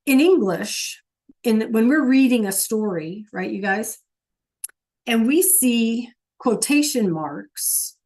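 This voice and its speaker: A woman's voice: fairly high pitch, animated, slow, darkish tone. A woman teaching a Spanish class, asking her students questions patiently and repeating prompts.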